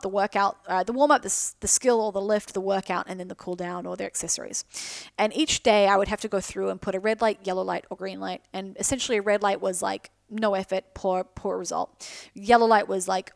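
A woman's voice: mid-range voice, vocal fry, dry recording, studio quality. A woman hosting a solo podcast, talking candidly and casually, swearing freely and slipping in self-mocking asides. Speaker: podcast host.

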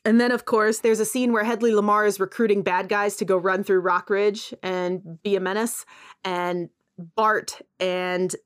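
A woman's voice: mid-range voice, fairly even intonation, unhurried. A woman in a casual podcast chat, animatedly retelling a film and acting out quoted lines between laughs.

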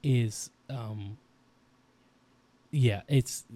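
A man's voice: mid-range voice, extremely slow, warm tone. A man in his thirties co-hosting a casual podcast, talking intensely about his daughters with frequent restarts. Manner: rambling, intense, restarts often. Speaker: podcast co-host.

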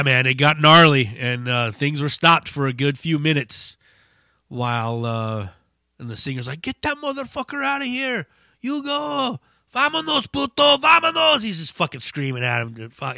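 A man hosting a podcast, telling a story in a casual, profane, animated way. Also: medium pitch, no room sound, clean studio sound. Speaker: podcast host.

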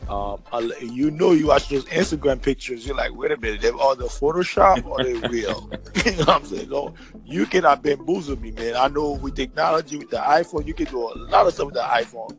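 A man co-hosting a casual chat, talking in loud, joking, profane banter. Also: medium pitch, brisk, faint music behind.

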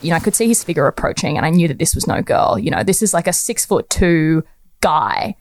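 A woman's voice: low voice, expressive, a little fast. A young woman telling a personal anecdote in a chatty, conversational way, laughing often. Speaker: storyteller.

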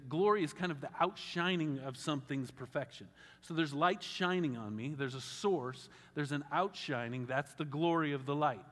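A man pastor delivers a sermon in a slightly raised voice, conversational and animated, with wry asides to the congregation. His words carry a long reverb from a large hall. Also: on the high side.

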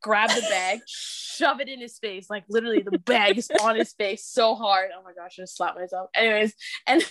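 A young woman from Canada in casual podcast chat, telling an animated story, cursing freely and laughing as she goes. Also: medium pitch, moderate pace, no echo.

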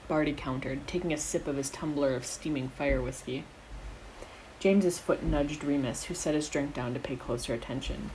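Low-voiced woman narrating a story. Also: fairly even intonation, moderate pace, a little mellow, slight background noise, poor audio. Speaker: narrator, audiobook reader. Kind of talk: fan fiction audiobook narration.

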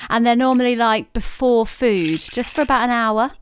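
A woman's voice: on the high side, moderate pace, a little hiss or hum. A woman co-hosting a podcast, chatting casually and playfully, often giggling. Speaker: podcast co-host. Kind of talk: casual chat.

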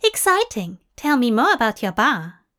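A woman's voice: very high voice, big pitch swings, measured pace, a bit bright, voice pushed up, exaggerated voice. A woman voicing a flamboyant, doting bar-owner woman who teases and calls everyone love, in a storybook reading. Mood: teasing. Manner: breezy, teasing, calls people love.

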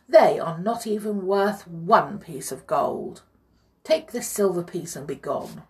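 A woman voicing a greedy, bad-tempered male king who speaks loudly and indignantly. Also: fairly low pitch, animated, takes it slowly. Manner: loud, blustering, indignant.

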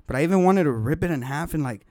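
A man on a podcast telling a long story in casual chat, animated and full of slang and swearing. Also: fairly high pitch, fast talker, dry recording, clean studio sound.

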